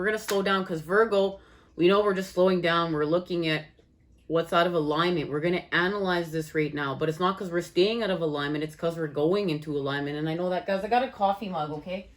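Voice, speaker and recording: A woman giving an enthusiastic channeled astrology and tarot reading, talking straight to her viewers as "guys" and repeating her phrases. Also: lowish voice. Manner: repetitive, rephrases lines in quick succession. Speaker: tarot reader.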